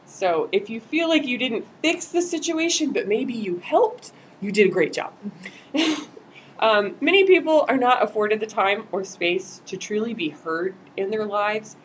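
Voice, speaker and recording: Woman trainer, casual and animated, acts out quotes; faint background noise on the stream. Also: mid-range voice, measured pace, rough recording. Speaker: volunteer trainer. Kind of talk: live-streamed training talk.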